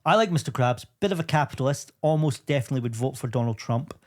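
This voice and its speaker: Deadpan male comedian guest. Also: mid-range voice, fast. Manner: deadpan, rambling jokes. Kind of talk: casual comedy chat.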